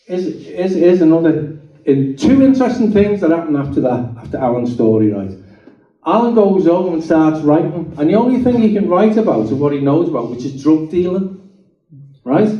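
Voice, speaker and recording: A man giving his testimony to a live audience, telling stories animatedly and acting out the voices in them. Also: a little high. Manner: animated storyteller acting out dialogue. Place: meeting hall. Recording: dull, roomy sound from a distant mic.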